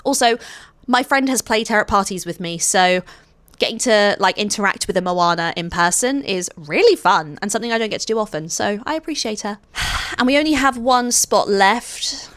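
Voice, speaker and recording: A young adult woman chatting to camera as a vlogger, gushing and often apologising with quick asides. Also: mid-range voice, expressive, fairly bright tone, dry recording. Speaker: vlogger and party princess performer. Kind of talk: casual chat to camera.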